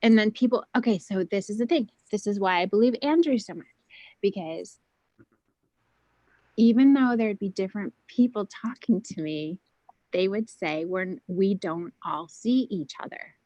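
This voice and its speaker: A woman's voice: mid-range voice, measured pace, no room sound, low-quality recording. A woman chatting casually, rambling and interrupting herself with many fillers, keeping her voice down. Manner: speaks softly to keep her voice down. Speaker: guest on a spiritual round table. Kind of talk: casual chat.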